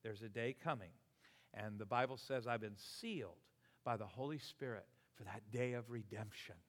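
A man in his sixties preaching a sermon as pastor, animated and exclamatory, often chuckling between points. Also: on the low side, moderate pace. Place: church sanctuary. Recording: long hall reverb.

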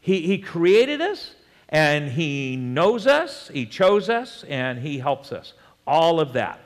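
A man preaching a sermon in a conversational way, with joking asides and chuckles and slow, deliberate scripture reading. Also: a little high, very animated, big-room sound. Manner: reads scripture slowly and deliberately. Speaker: pastor.

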